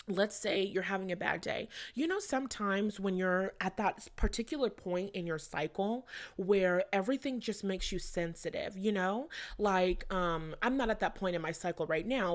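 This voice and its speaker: A young adult woman giving a casual astrology reading to her viewers, chatty and rambling, with plenty of fillers and casual swearing. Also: medium pitch. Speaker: astrology reader.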